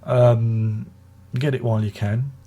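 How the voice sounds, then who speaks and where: Slow and steady, with a warm mid-range voice, an older British man reviews an album. He speaks in a relaxed, rambling manner, frequently starting over mid-sentence and throwing in chatty side notes.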